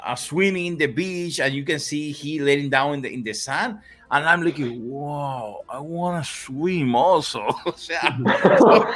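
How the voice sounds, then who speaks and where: A man from the Republic, hosting a casual chat in an animated, rambling way that often breaks off mid-thought. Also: fairly high pitch. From Dominican Republic. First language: Spanish. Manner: animated, rambling, self-interrupting. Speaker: podcast host. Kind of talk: casual conversation.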